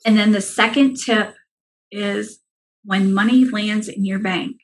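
A woman's voice: medium pitch, slow pace, rough recording. A woman guest on a podcast, a money mindset coach giving advice in an earnest, reassuring way. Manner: earnest and reassuring, speaks in steady explanations.

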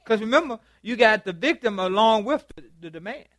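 Man, pastor, high voice, dry close sound, chatty joking sermon, stammers. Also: lively intonation, fairly quick, a bit bright, no room sound. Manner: chatty and joking, stammers and repeats words, quizzes the congregation. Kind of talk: conversational sermon with open dialogue. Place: church meeting room.

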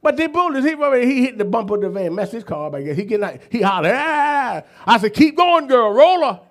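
Animated, high-voiced preacher man. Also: fast. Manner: animated storytelling preacher, folksy and emphatic. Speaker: apostle preaching. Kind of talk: sermon.

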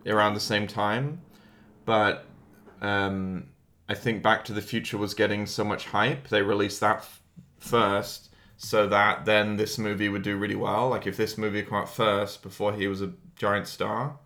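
A man co-hosting a casual movie podcast from home, relaxed and chatty, often correcting himself mid-sentence. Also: lowish voice, unhurried. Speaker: podcast co-host.

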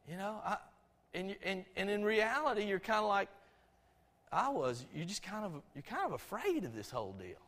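A man's voice: high voice, animated, a little fast, fairly bright tone. A middle-aged man from Georgia with a Southern accent, preaching a storytelling sermon in a folksy, conversational way, often restarting his sentences. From Albany, Georgia, USA. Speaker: pastor. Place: church sanctuary. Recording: long reverb of a church sanctuary.

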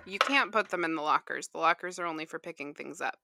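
A woman's voice: low voice, quick pace, creaky, heavy background noise. A young woman co-hosting a casual chat over a video call, chatty and giggly as she recounts things.

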